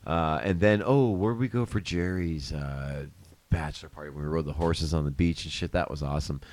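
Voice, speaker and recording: A man's voice: a bass voice, normal speed, a little mellow. A middle-aged man hosting a livestream from a studio, chatting casually and laughing often, with some swearing. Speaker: livestream host. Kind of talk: casual chat.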